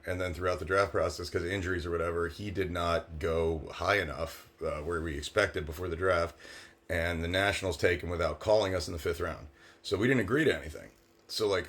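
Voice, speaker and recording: A man with a very deep, low voice tells a story in a casual monologue. He is brash and sarcastic and gets animated when he quotes other people. He sounds like a man in his thirties. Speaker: former sports agent storyteller.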